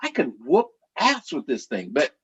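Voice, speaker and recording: A middle-aged man spins stories for a live audience in a husky, mid-pitched voice. He talks in a chatty, animated way. The sound is slightly dull and lo-fi. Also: moderate pace. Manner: animated, chatty, laughs while telling stories. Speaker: author.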